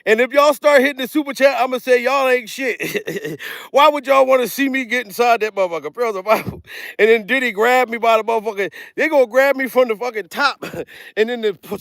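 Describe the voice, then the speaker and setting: A man's voice: very high-pitched, vocal fry, no echo, clean studio sound. A man doing a comedic livestream, out of breath and laughing as he rambles, swearing constantly. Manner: profane, laughing, excitable rambling.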